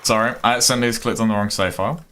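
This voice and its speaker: A man's voice: medium pitch, steady tone, racing, a bit bright, slight background noise. A young man with a Birmingham accent, chatting casually with his live chat while he plays a game. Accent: Birmingham English. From Birmingham, England. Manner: chatty, rambling, self-deprecating, talks to chat. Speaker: streamer. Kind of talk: casual live-stream chat over gameplay.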